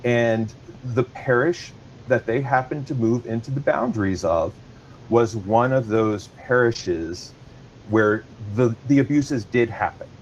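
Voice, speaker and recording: A man's voice: mid-range voice, a little slow, highs cut off. Rambling middle-aged man, faint noise. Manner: rambling, hesitant, full of fillers. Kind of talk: casual chat.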